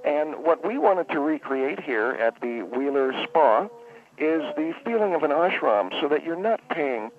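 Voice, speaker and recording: A man's voice: a little high, animated, unhurried. Rambling man on a tinny phone line. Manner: rambling, stammering, self-correcting. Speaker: spa owner guest on the phone. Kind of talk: comedic radio phone-in. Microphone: telephone.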